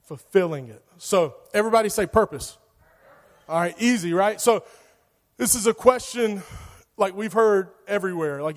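A man, preaching to a youth group in a casual, joking way full of fillers. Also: sits high. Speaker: youth pastor. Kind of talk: sermon. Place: church hall. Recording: long hall reverb.

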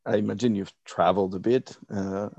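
A man's voice: fairly low pitch, fairly even intonation, fairly quick, vocal fry, darkish tone, no echo. A man hosting a podcast, chatting playfully and laughing often as he interviews a guest. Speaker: podcast host. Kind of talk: casual interview chat.

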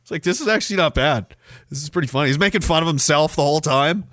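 A man's voice: a little high, quick pace, a bit bright, no echo, studio quality. A man hosting a live show and reading chat, rambling and swearing, with sudden bursts of mock outrage. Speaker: podcast host reading chat. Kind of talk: casual livestream chat.

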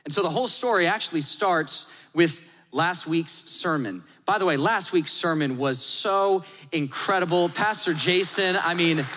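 A man in his thirties delivers a sermon with animated storytelling, slipping into acted-out voices. His voice sits high and sounds bright and forceful. It carries the long reverb of a large hall. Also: measured pace, hardly any pauses. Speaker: pastor.

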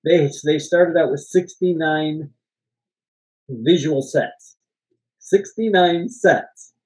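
A man's voice: on the high side, takes it slowly, darkish tone, poor audio. A man co-hosting a casual movie podcast, telling rambling behind-the-scenes stories, laughing often and swearing now and then. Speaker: podcast co-host. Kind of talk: casual movie-discussion chat.

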